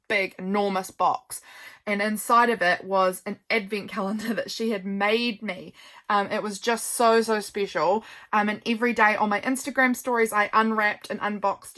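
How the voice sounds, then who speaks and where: A woman's voice: mid-range voice, fairly bright tone. A woman, chatting casually and gushing as she flips through her handmade journal, thinking aloud. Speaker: craft vlogger.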